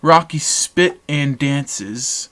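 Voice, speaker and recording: A man's voice: on the high side, lively intonation, extremely slow, fairly bright tone. A young man from Massachusetts co-hosting a casual podcast, reading from his jokey notes and putting himself down with a laugh. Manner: reads jokey notes, self-deprecating, laughs often. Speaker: podcast co-host. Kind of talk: casual chat.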